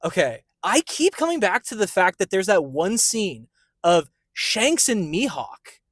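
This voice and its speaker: A man co-hosting a movie podcast in casual chat, animated and quick to laugh. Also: sits high, no echo. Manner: animated, excitable, laughs easily. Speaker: podcast co-host. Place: in a parked car.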